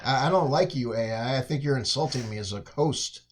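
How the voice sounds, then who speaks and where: A man's voice: mid-range voice, brisk, a little hiss or hum. A man hosting a podcast, chatting casually in a crude, provocative, joking way. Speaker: podcast host.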